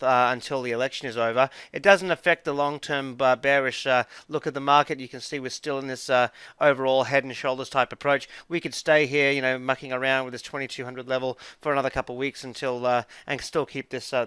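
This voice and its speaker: A man's voice: a little high, a bit bright, clear, resonant tone, dry recording. A man giving casual stock market commentary over charts, upbeat and chatty, rambling with many fillers and restarts.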